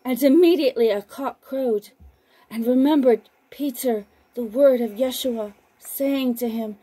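A woman reads scripture at a very slow, deliberate pace. Her voice is mellow and slightly high. She sounds like she is hosting a broadcast from home. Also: breathy edge, rough recording. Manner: slow, deliberate reading; chatty and laughing on the phone. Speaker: host reading scripture.

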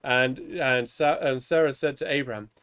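Man reading psalms in measured tones. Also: medium pitch, fairly bright tone, smooth. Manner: measured, solemn reading with small stumbles. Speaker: minister leading evening prayer. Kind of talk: liturgical reading of psalms and scripture.

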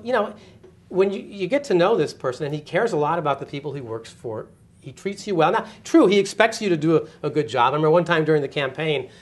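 An older man recalls his years in government in a brisk, lively rush. He tells anecdotes and slips into the voices of the people he quotes, his pitch sitting a little above the usual. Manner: animated storyteller, quick, acts out quoted voices with laughs. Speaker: interviewee, former communications director. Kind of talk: oral history interview. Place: office interview setting.

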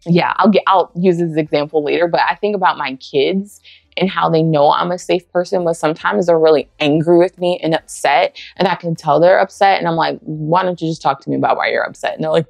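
A woman preaches a personal testimony in a low, gravelly voice, warm and conversational, and now and then she acts out bits of dialogue. The recording is dry and close, and faint music plays softly underneath. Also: fairly quick, no room sound. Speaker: women's ministry speaker.

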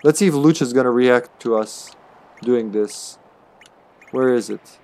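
A man's voice: mid-range voice, measured pace, warm tone. A man streaming a game, chatting casually as he plays, swearing freely and thinking aloud. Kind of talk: casual gameplay commentary.

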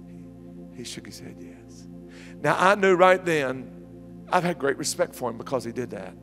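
A middle-aged man preaching a sermon as pastor, telling stories with repeated questions that swing from near-whispers to loud, high climbs. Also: moderate pace, in a large hall, faint music behind. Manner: animated storytelling preacher, repeating questions, sudden soft drops and loud climbs.

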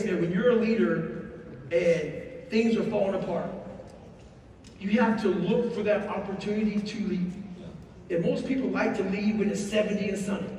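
A man with a high-set voice delivers blunt motivational stories full of swearing, pressing every point with intensity. He sounds distant from the microphone, and his words ring through a large, echoing hall with a faint hiss underneath. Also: a little mellow. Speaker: guest speaker. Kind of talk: profane motivational storytelling. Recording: echoey hall, distant mic, faint noise.

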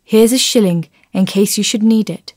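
A woman's voice: mid-range voice, normal speed, darkish tone, no room sound, clean studio sound, lightly acted. A woman reading the lines of a tired, stern father saying goodbye. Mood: gentle. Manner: stern, brief. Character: tired stern father seeing off his mother.

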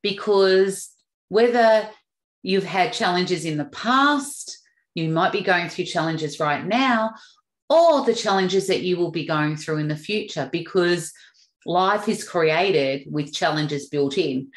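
Lowish-voiced woman giving a motivational talk. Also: slow pace. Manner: upbeat, acts out examples with animated shifts. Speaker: podcast host. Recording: echoey room.

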